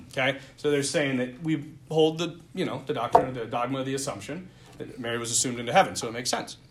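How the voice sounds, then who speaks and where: A man giving a Lenten talk, an animated storyteller with casual, filler-heavy speech. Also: medium pitch, fast talker, very noisy. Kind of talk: storytelling talk ending in prayer.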